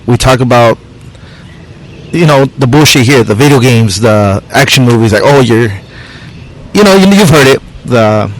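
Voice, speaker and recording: A man's voice: mid-range voice, expressive, moderate pace, poor audio. Male podcast host, blunt, casual cursing, medium voice.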